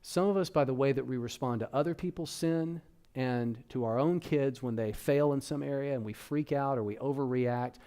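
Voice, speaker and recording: A man speaks to a room of parents at a church workshop. His tone is warm and mellow, and he talks to the crowd in a casual, direct way. His pitch sits in a middle range. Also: moderate pace. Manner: conversational, addresses audience directly. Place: church hall.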